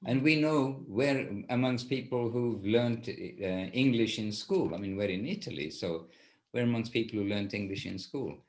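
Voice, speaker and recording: A man's voice: fairly low pitch, moderate pace. A man teaching an informal class, talking in a rambling way and often correcting himself. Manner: rambling, self-correcting, with restarts. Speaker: spiritual teacher leading a class.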